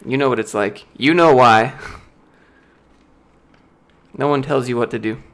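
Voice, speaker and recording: Medium in pitch with vocal fry and a fairly bright tone, a young American man speaks at a measured pace on a casual livestream. Reading questions from his chat, the YouTuber tells filler-heavy stories, laughing frequently and doing impressions of people.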